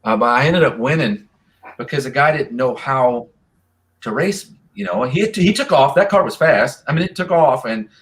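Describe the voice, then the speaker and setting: A man, a drag racer and racing association president, tells stories casually in a live Q&A, rambling and animated. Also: mid-range voice, normal speed. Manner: rambling, animated, voices other people's lines.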